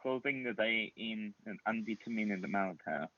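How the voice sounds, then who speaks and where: A man's voice: fairly low pitch, a bit bright, no room sound, muffled recording. Man calling out game phases. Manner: brisk, procedural announcements. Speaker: game storyteller. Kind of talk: running an online social deduction game.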